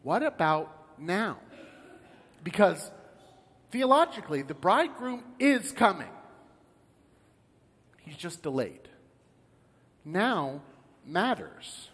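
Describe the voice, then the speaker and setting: A man's voice: high voice, slow pace, pauses often, breathy edge, big-room sound. A man preaching a sermon as pastor, telling stories and acting out the parts of a joke. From United States. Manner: storytelling, animated, acts out characters in a joke. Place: church sanctuary.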